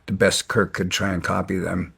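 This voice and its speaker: A middle-aged man recounting his past in an interview, halting with frequent restarts. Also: low-pitched, little pitch movement, gravelly, a bit bright, slightly rough. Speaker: guest. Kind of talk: storytelling interview.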